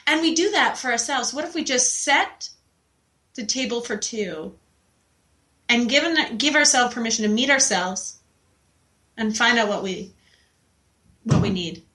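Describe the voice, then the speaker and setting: A woman's voice: on the high side, animated, measured pace, pauses often, sharp tone. A woman hosting a podcast, talking casually in an upbeat, enthusiastic way. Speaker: podcast host.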